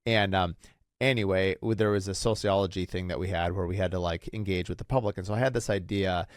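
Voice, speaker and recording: A man's voice: low-pitched, quick pace, no room sound, clean studio sound. A man hosting a podcast interview, chatting casually and telling rambling, reflective stories. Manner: rambling, reflective, animated storytelling. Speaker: podcast host.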